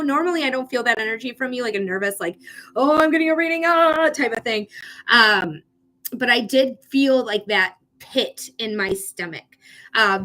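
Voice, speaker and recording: A woman's voice: on the high side, sharp tone. A woman hosting a live psychic reading stream, chatting casually with viewers and swearing now and then.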